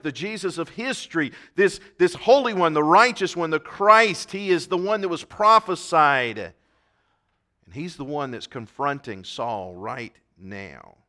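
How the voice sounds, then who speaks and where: A male preacher giving a sermon, talking emphatically, swelling loud on key points and repeating words. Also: on the high side.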